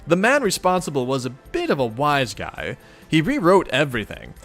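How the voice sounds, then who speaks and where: A man's voice: fairly high pitch, huge pitch swings, normal speed, fairly bright tone, faint music behind, voice pushed up, heavily acted. A man doing a chatty know-it-all troll woman. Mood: upbeat, chatty. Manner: precise, properly enunciated, upbeat. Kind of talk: reading a webcomic aloud in voices.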